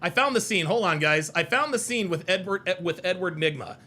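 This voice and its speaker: A man hosting a reaction video, talking in an animated, mocking and profane way and repeating himself for emphasis. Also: high-pitched, a little fast. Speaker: host reacting to clips. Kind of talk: reaction commentary.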